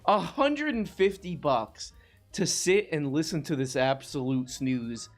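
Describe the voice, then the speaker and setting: A man's voice: fairly high pitch, expressive, a little slow, soft background music. A man hosting a live talk show, chatting in a loose, joking, rambling way. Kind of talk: casual chat.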